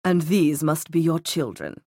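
A menacing middle-aged villain, put on by a woman reading aloud, his voice pitched low and his words drawn out slowly. He sounds mocking and assured, recorded close and dry like a storybook audiobook. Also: lively intonation, mellow, dry recording, exaggerated voice. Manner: slow, measured, mocking.

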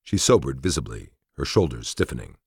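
Brief: husky, gravelly male narrator, expressive, wry, first-person audiobook read. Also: a bass voice, a little fast, dry recording. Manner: dry, wry storytelling.

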